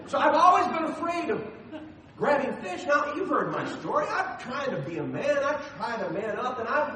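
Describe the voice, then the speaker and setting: A middle-aged pastor preaches with an unusually high, bright voice that swings widely in pitch. He tells stories with animated, self-deprecating humor. The sound is very echoey and picked up from a distance, like a large hall. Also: normal speed, crowd noise, background noise. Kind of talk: sermon with personal storytelling.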